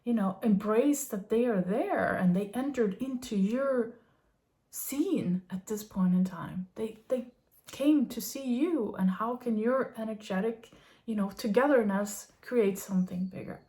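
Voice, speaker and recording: A woman in her thirties or forties giving a gentle, earnest spiritual musing to her viewers, with many fillers and soft laughs. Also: fairly high pitch, measured pace. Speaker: vlogger.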